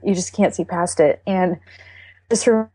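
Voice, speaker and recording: A middle-aged woman from Texas, a guest telling her faith story in an earnest, emotional way with halting restarts. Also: lowish voice, dark tone, husky, no room sound. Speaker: interview guest. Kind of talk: candid faith testimony.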